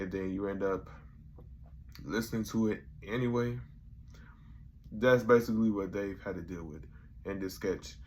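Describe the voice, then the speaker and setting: A man's voice: lowish voice, slight background noise. A young man casually reviewing a comedy episode in a loose, slangy way, acting out the quotes as he retells the scenes. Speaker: YouTube reviewer.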